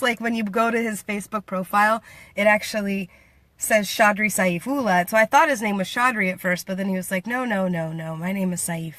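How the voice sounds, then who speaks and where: A woman's voice: fairly high pitch, sharp tone, no echo. An American woman vlogging casually, reading viewer comments in a playful, giggly way and laughing often. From United States.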